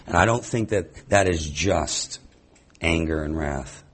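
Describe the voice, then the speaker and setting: Very deep husky male Bible teacher. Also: measured pace, fairly bright tone. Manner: reflective, reads scripture aloud and comments with rhetorical questions. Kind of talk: sermon.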